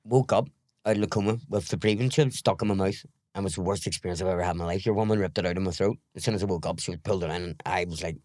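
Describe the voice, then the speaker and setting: A middle-aged Northern Irish man with a very low voice tells his story candidly, rambling and swearing now and then as he acts out past exchanges. The sound is close and dry, with no room around him. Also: rapid-fire, a little mellow, dry recording. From Northern Ireland. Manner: rambling, frank, swears, retells scenes in dialogue. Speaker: podcast guest.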